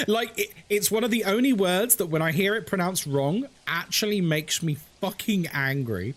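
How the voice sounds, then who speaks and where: Animated, chatty male game streamer. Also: sits high, normal speed, hardly any pauses, slight background noise. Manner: chatty, ranting, swears and laughs often. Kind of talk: casual live-stream commentary.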